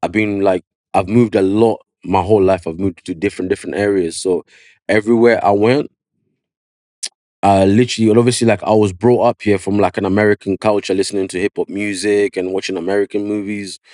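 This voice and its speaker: Low-voiced barber telling his story. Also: a little fast, no echo, clean studio sound. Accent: London. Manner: animated storyteller, slangy, repeats "yeah" and "you know what I mean". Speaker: barber, podcast guest. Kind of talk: casual storytelling interview. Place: podcast studio.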